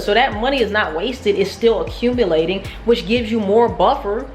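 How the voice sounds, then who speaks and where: Animated, profane woman vlogger in echoey room. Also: mid-range voice, normal speed, faint music behind. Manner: profane, animated, self-mocking. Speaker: trading vlogger. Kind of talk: casual storytelling vlog.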